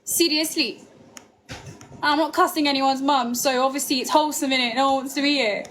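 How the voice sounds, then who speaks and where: A young woman streams live late at night, bantering with her chat in an excitable, dramatic way. Her voice sits high and sounds bright and sharp. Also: brisk, a little hiss or hum. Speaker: livestreamer.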